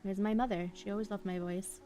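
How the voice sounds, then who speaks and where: Young female streamer, gentle low-key delivery, mid-pitched, soft music bed behind. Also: steady tone, fast. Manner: soft-spoken, mumbling, drifting thoughts. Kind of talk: relaxed live-stream chat. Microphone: headphones half off, desk mic.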